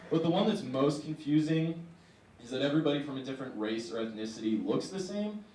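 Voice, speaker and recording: A young man performs a stand-up set in a wry, deadpan way, tossing in quick asides. His voice sounds echoey and distant, with a faint hiss underneath. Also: fairly high pitch. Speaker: stand-up comedian.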